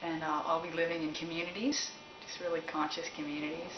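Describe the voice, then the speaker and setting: A woman's voice: low voice, level tone, fast. A woman from Canada, a musician, answering fan questions in a rambling, candid way and laughing often. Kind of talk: casual chat. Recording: roomy, dull, noisy recording.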